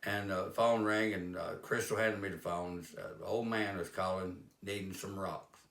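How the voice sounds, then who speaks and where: A man's voice: low-pitched, steady tone, moderate pace, creaky, fairly bright tone. A man telling homespun stories about kindness in a plain-spoken, rambling way. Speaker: life-lessons speaker. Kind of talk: folksy storytelling monologue. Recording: roomy echo.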